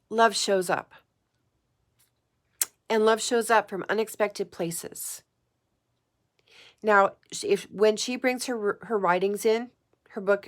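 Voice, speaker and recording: An earnest woman speaks directly to the camera in a heartfelt personal vlog. She is emotional and close to tears, and she repeats her phrases for emphasis. Her voice sits at an ordinary middle pitch. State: tearful at times. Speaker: psychic vlogger. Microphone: camera mic, talking to camera.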